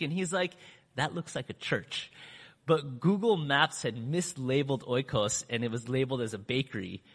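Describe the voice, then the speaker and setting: A man addressing a congregation in a large hall, his voice trailing into long reverb. He tells a story casually, with fillers and restarts, and his voice sits a little high. He leaps up and drops down as he acts out other people's lines. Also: a bit bright. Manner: acts out quoted speech with big pitch swings. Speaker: church speaker telling a mission story.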